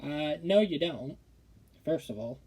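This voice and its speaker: Slow, mellow-voiced indignant football streamer. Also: mid-range voice, animated, husky. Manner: indignant, stammering restarts. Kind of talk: casual opinion rant.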